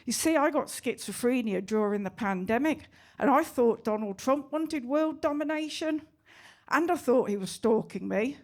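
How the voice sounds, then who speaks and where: Woman comic, higher voice, deadpan stand-up, comedy club. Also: moderate pace.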